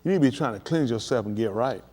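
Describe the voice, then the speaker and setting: A man preaching on a livestream, emphatic and addressing his listeners directly, building to excited peaks. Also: mid-range voice, quick pace. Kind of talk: livestream preaching on world events.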